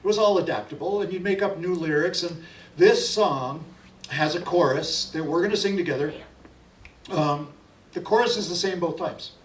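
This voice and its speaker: Chatty and folksy, the folk singer and storyteller, a middle-aged man, leads a library crowd through stories and call-and-response singing. He speaks at normal speed in a fairly high voice, recorded roomily from a distant mic.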